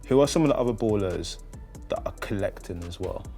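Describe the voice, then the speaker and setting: A man hosting an interview, asking questions in a measured, upbeat way. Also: fairly low pitch, animated, creaky, dark tone, soft background music. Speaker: interviewer host.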